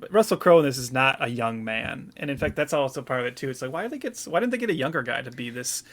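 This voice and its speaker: A man co-hosting a film podcast, talking in a casual, animated way with lots of "like". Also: medium pitch, fast talker. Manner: animated, laughing, many "like"s. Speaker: podcast co-host. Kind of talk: casual chat.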